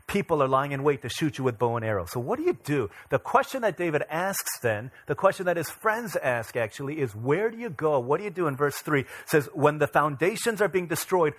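Male pastor, 30s, conversational and animated sermon delivery with casual asides. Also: fairly high pitch. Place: church.

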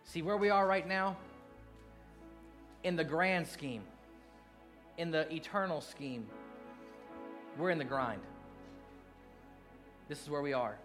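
A middle-aged pastor with a drawl preaches earnestly in a fairly high voice, faint soft music underneath. His delivery alternates between hushed, drawn-out lines and quick, animated bursts.

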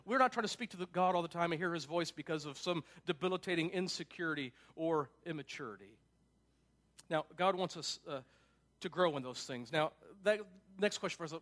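A man's voice: fairly high pitch, fairly bright tone. A man preaching a conversational sermon to his congregation, emphatic and casual, with frequent asides. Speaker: pastor.

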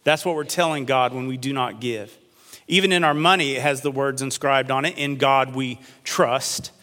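Man, pastor, sermon, middle pitch, earnest, slow emphasis, echoing hall. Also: pushed and bright. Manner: earnest, with slow stretched emphasis on key phrases. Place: church sanctuary. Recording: long hall reverb.

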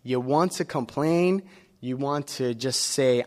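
A man preaching in a relaxed, conversational way, at a middling pitch. He talks to his listeners as if chatting, breaking up his sentences with pauses, fillers and small restarts. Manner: relaxed and personal, with many filler pauses and self-corrections. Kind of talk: conversational sermon.

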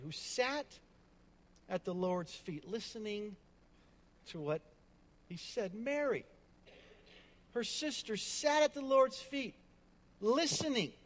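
Male pastor, high voice, emphatic sermon delivery with chatty asides, echoey hall. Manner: emphatic, repetitive, with conversational asides. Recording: long hall reverb.

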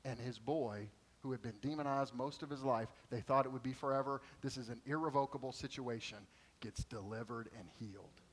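A middle-aged man preaching a sermon, telling stories in an animated way and acting out quoted voices. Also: mid-range voice, brisk, low-quality recording. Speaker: pastor.

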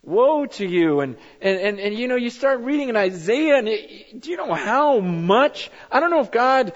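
High-voiced man preaching in echoing hall. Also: big pitch swings, moderate pace. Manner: conversational storytelling, repeats words, rises to emphatic. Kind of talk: sermon. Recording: dull sound with long reverb in a hall.

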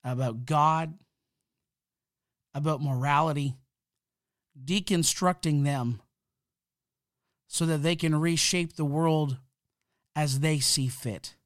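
A man's voice: a little high, takes it slowly, long pauses, no echo. A man hosting a podcast, delivering a fired-up, emphatic, preacherly monologue into a close mic. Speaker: podcast host.

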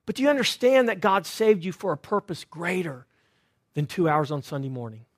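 A man preaching a sermon as pastor in a church, telling stories animatedly and swinging from loud to hushed. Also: high voice, a little fast, dry recording, clean studio sound. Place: church sanctuary.

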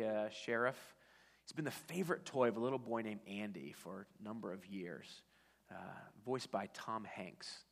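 A man's voice: lowish voice, vocal fry. Man preaching in a reverberant hall. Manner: conversational storytelling, frequent restarts. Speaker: pastor. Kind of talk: sermon. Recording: long church-hall reverb.

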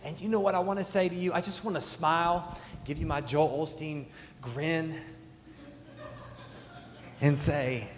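A man in his thirties preaching a sermon as a pastor, telling stories with big swings from loud to hushed. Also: fairly high pitch, steady tone, a little slow, pauses often, a little hiss or hum. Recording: echoey hall.

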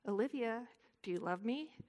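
A woman voicing a gentle, loving father in a told story, asking his little daughter tender, patient questions in a soft voice. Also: on the high side, lively intonation, moderate pace.

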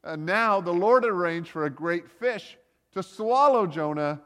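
A man's voice: high-pitched, expressive, a little slow, a bit bright. A man preaching a casual sermon, retelling a story with joking asides and lots of "like" and "uh". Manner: conversational, joking asides, many likes and uhs. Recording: long reverb of a hall.

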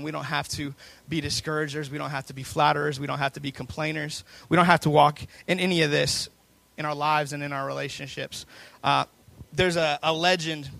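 A man's voice: on the high side, creaky, pushed and bright. A man preaching a sermon as pastor, building intensity with repeated phrases.

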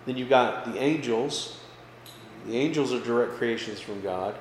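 At normal speed, a pastor with an everyday mid pitch teaches a conversational Bible study that echoes through a roomy hall, each phrase followed by a long reverb tail. Casual and lively, he keeps asking "okay?" and "right?" and lifts key words for emphasis, with faint background hum in the room.

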